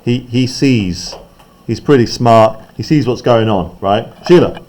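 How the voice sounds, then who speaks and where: A man's voice: mid-range voice, measured pace, darkish tone. Chatty male teacher explaining a play. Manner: chatty, explaining, often checks in with "right?". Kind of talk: classroom text analysis.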